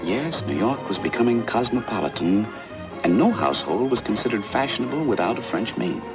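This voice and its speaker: A man's voice: lowish voice, sing-song, a little fast. A reflective male narrator. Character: man recalling his youth, narrating. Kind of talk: 1940s film narration. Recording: dull old film soundtrack with music.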